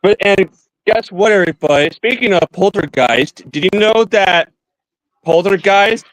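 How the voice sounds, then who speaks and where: A man chatting casually on a stream in a voice a little higher than most. He rambles, restarts phrases and keeps turning to speak to the viewers. The sound is dry and close, with no room around it. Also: animated, moderate pace, dry recording, poor audio. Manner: addresses viewers directly. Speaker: streamer co-host. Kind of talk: casual chat.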